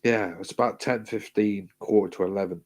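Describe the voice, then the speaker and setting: A man's voice: fairly low pitch, fairly even intonation, a little fast. A man telling a hospital story in casual chat, swearing freely, repeating himself and acting out what people said.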